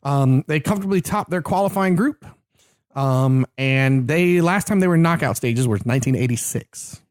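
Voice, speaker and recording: A man's voice: a little high, normal speed, dry recording, studio quality. A man co-hosting a casual sports and beer podcast, jokey and chatty with many fillers. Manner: animated, jokey, hesitant with fillers. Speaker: podcast co-host. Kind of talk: casual chat. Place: Orlando, Florida.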